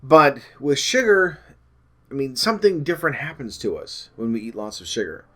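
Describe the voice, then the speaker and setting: A man's voice: mid-range voice, animated, normal speed, fairly bright tone. Rambling man vlogging about weight loss. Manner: rambling, self-correcting, frequent ums. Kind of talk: casual talk to camera.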